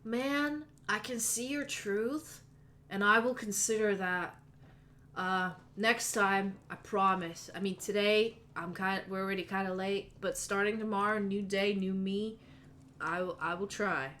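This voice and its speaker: A woman playing a mellow stoner juice-bar guy, surfer slang, middle pitch, faint background noise. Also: unhurried, natural voice. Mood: placating. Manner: drawling surfer slang, says man and dude. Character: laid-back male stoner juice-bar owner.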